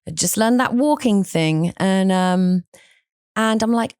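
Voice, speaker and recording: A woman hosting a podcast, telling stories in an animated, outspoken way with frequent restarts. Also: fairly high pitch, normal speed, vocal fry, no echo, clean studio sound. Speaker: podcast host. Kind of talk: casual conversational storytelling.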